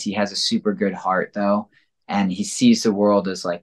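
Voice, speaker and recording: A man's voice: on the low side, level tone, moderate pace. A man speaking as a guest in a casual interview, rambling and reflective, with many filler words. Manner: rambling and reflective, heavy use of "like" and "you know". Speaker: podcast guest.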